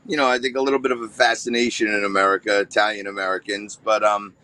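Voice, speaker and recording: A man's voice: lowish voice, level tone, quick pace, sharp tone, no echo. A man from Staten Island with a thick New York accent, an easygoing guest answering interview questions. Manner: easygoing, talks with many fillers. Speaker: guest, news show host.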